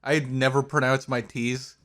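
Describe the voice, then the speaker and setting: Bright-toned man chatting casually. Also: medium pitch, flat delivery, moderate pace. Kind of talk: casual chat.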